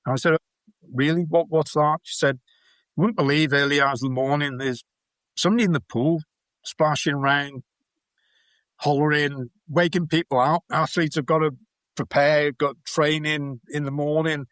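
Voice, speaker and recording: A man with a Welsh accent, a podcast guest telling anecdotes in a relaxed, chatty way. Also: a little high, normal speed, dry recording. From Wales. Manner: chatty, anecdotal, laughs while telling stories. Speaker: podcast guest, bowls player. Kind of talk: storytelling in a casual interview.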